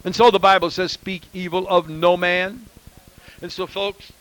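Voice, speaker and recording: A man preaching a sermon with emphasis, swinging from loud exclamations to quiet asides. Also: high voice, steady tone, measured pace, poor audio.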